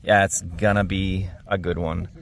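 A man's voice: deep voice, little pitch movement, measured pace, vocal fry. A man hosting a metal detecting vlog, narrating casually on the spot outdoors at a dig site and cheering on his friends in an upbeat way.

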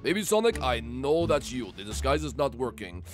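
Man voicing a goofy police echidna, cartoon, drawling, wildly swooping pitch, light music behind. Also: very animated, moderate pace, lightly acted.

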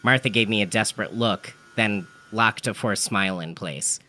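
A man's voice: on the low side, normal speed, bright, forceful tone. A man telling an absurd comedic story in a dry, matter-of-fact manner. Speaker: narrator.

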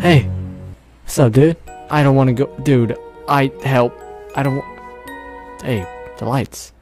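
A man's voice: mid-range voice, unhurried, long pauses, music in the background. A young man playing a horror game, jumpy and nervous, swearing often and laughing at his own scares. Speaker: gamer.

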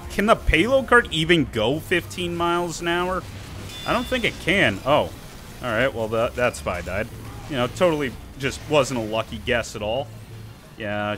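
A man's voice: mid-range voice, pushed and bright. A young man giving casual, playful commentary over his own gameplay, joking and talking to enemy players. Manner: playful, talks to enemy players, jokey asides. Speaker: gaming YouTuber.

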